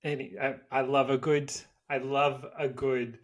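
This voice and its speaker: A man's voice: medium pitch, little pitch movement, measured pace. A young man co-hosting a podcast, bantering and teasing in casual chat. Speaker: podcast co-host.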